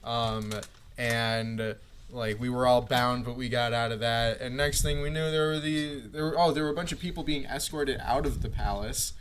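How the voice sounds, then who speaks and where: A man plays in a tabletop game and recaps things in a rambling, hesitant way. His voice sits at a middle pitch. A faint hiss of noise runs behind him. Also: steady tone, moderate pace, a bit bright. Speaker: player. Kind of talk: casual game chat.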